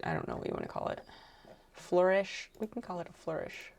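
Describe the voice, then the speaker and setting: A young woman chats casually on a craft stream, thinking aloud in a soft, rambling way. Her voice sits on the low side with a gravelly, fry-laced edge. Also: wildly swooping pitch, a little fast. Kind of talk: casual chat while crafting.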